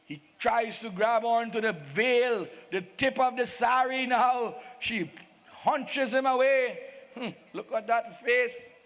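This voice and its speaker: A man's voice: very high voice, takes it slowly, a bit bright, in a large hall. A man narrating a live staged epic with humorous asides to the devotees. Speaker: Ramleela narrator.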